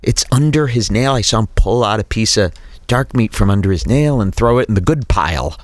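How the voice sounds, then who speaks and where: A man's voice: lowish voice, animated, a little fast, no echo. A man hosting a show, ranting incredulously while commenting over a video clip. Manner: incredulous, ranting, mock-quoting others. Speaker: show host reacting to a clip.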